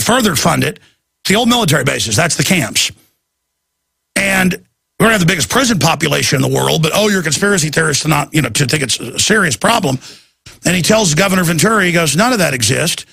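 A man hosting a talk radio show, ranting in an intense, rapid-fire, urgent way. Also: sits high, creaky, bright, forceful tone, husky, dry recording, studio quality.

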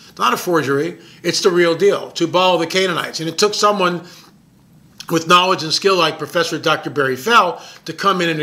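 A man with a fairly high, bright and forceful voice tells a story straight to the listener. He talks in a loose, excited way, pressing hard on his points and stumbling over repeated words as his thoughts race ahead. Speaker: documentary filmmaker. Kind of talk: casual storytelling monologue.

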